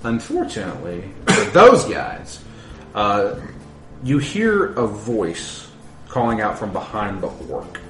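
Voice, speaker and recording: A man's voice: on the low side, sing-song, slow pace. A man narrating as game master of a tabletop game, laughing often and describing scenes. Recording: echoey room with faint noise.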